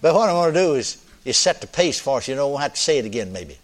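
An older man preaching a sermon in a folksy, animated way, often laughing with his congregation. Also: medium pitch, fast talker.

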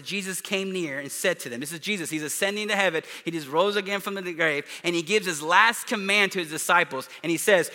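Pastor, male, higher-pitched and very bright voice, earnest sermon with emphatic swells and hushed drops, recorded in a church sanctuary. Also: long reverb tail.

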